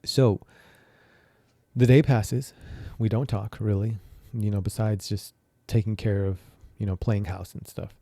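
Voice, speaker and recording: Dark-voiced man telling a personal story. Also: on the low side, steady tone, measured pace, pauses often, dry recording. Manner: candid, rambling, many fillers and restarts. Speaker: podcast host.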